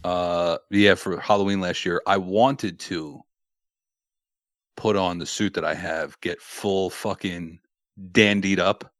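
Low-voiced, wisecracking male podcast co-host. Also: fairly even intonation, a bit bright, no room sound, studio quality. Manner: joking, profane, quick with wisecracks. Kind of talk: casual chat.

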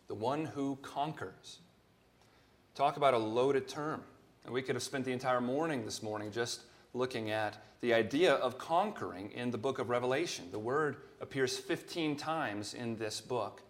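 A man preaching a sermon as pastor, earnest and measured, his voice rising when he quotes scripture. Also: medium pitch.

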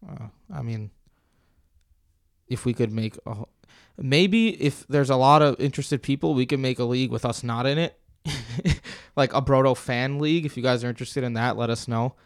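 A young man co-hosting a fantasy football podcast in a relaxed, chatty way. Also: medium pitch, moderate pace, dry recording, studio quality. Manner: relaxed, chatty, reads out promo codes. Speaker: podcast co-host. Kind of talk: casual podcast chat.

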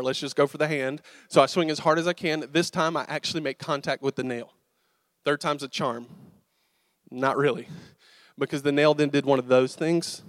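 A man's voice: fairly high pitch, a bit bright, no echo, clean studio sound. A young man, a pastor telling a self-mocking story from the pulpit and joking with his audience. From American South. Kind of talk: storytelling sermon. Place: church sanctuary.

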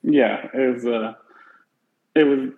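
A man's voice: mid-range voice, takes it slowly, reverberant. A man chatting casually as a podcast co-host, dropping short jokey remarks. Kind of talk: casual chat. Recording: dull lo-fi sound with crowd noise.

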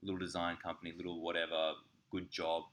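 Sweary man with a very low voice. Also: fast. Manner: candid, sweary storytelling with lively impressions. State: slightly sick. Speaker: podcast co-host. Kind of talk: casual chat.

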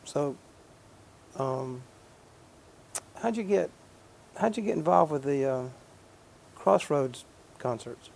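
A male TV host with a gravelly voice asks halting interview questions. His pitch sits a little high, and a faint hum of ambience runs behind him. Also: animated, darkish tone. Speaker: TV show host.

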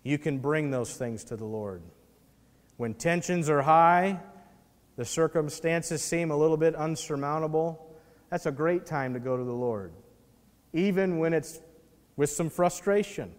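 A man preaching a sermon as pastor, animated and acting out the voices in the scripture he reads. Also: on the high side, measured pace, big-room sound.

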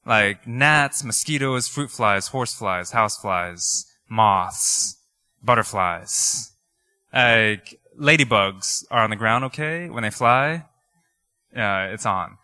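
A man's voice: fairly low pitch, takes it slowly, smooth, no room sound, studio quality. A man, preaching a sermon in a conversational, storytelling way with many fillers. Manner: conversational, animated storytelling with laughs and filler words. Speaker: pastor. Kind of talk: sermon with personal stories.

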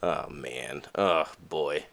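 A man's voice: extremely low pitch, fairly even intonation, extremely slow, creaky, fairly bright tone. A young man hosting a podcast, talking candidly in a casual monologue and acting out the voices of people he quotes. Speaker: podcast host.

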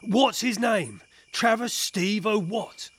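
An actor playing a commanding gentleman detective with a brisk, authoritative manner. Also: high voice, husky, full character voice. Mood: stern.

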